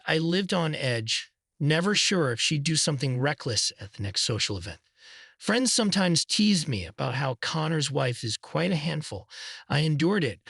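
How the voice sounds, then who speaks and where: A man narrating a first-person story in a measured, scripted way. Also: a little high, gravelly, fairly bright tone, breathy edge, no echo, studio quality.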